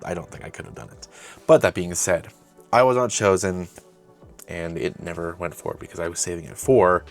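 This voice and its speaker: A young man hosting his own channel, casually recounting an old project in a rambling, self-correcting way. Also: low voice. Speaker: host. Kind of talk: casual retrospective chat.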